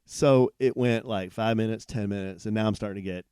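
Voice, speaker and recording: A man's voice: fairly low pitch, a little fast, smooth, no room sound, studio quality. Man telling a rambling story. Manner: animated, rambling storyteller with restarts. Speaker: podcast co-host. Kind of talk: casual storytelling chat. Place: hotel room, on a bed.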